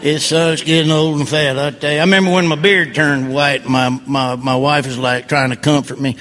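A man's voice: fairly high pitch, fairly even intonation, moderate pace, few pauses, fairly bright tone. A man doing stand-up comedy, with folksy, grumbling, self-mocking delivery. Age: 50s.

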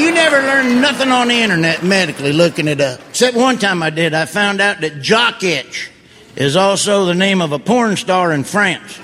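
A man's voice: high-pitched, animated, normal speed, heavy background noise. A man doing stand-up comedy, with folksy, grumbling, self-mocking delivery. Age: 50s.

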